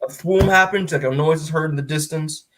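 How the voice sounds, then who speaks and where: A man's voice: a little high, fairly bright tone, a little hiss or hum. Rambling man recapping comics, full of fillers. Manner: rambling, lots of fillers and restarts; retells scenes with quick put-on quotes. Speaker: podcast co-host. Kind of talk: casual comic book review chat.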